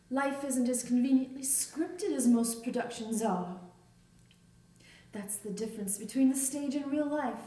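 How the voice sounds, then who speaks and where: A high, lively voice rings out across an echoey stage as an actress plays a haughty lady with a put-on English accent. The sound reaches the camera from a distance, with a faint hiss underneath. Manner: haughty, theatrical stage delivery. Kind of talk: stage play acting. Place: small theatre stage. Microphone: far camera mic.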